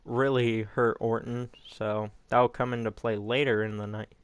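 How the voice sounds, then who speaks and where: A man recapping results in a slow, unhurried delivery, rambling and opinionated and not shy about swearing. His voice is smooth and clear, recorded close in a dry room. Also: mid-range voice, little pitch movement, no echo. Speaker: YouTube wrestling recap host. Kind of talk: casual recap commentary.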